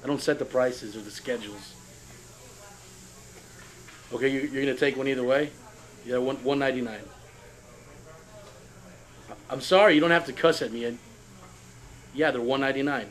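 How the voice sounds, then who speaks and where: A man acting in a scripted comedy sketch, talking calmly and then erupting into shouted tantrums at people who are not heard. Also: mid-range voice, normal speed, long pauses. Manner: talks to unseen people on phone and field.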